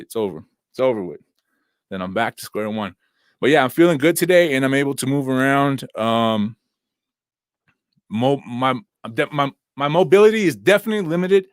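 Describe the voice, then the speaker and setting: A young man with a mid-range voice hosts a casual livestream in clean studio sound with no echo. He talks in a laid-back, slangy way full of fillers, sitting at home with his laptop and phone while recovering from injuries.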